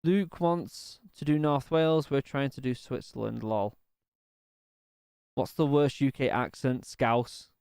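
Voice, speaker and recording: A man's voice: mid-range voice, fairly even intonation, a little slow, gravelly, warm tone, smooth, dry recording. Chatty man streaming. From United Kingdom. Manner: chatty, reads viewer comments aloud, swears casually. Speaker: streamer reacting live. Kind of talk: casual live-stream chat.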